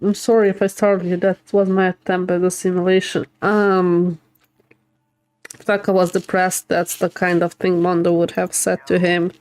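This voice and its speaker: A woman's voice: fairly low pitch, little pitch movement, moderate pace, darkish tone, no room sound. A young adult woman streaming a game live, reading the dialogue aloud and reacting emotionally between lines.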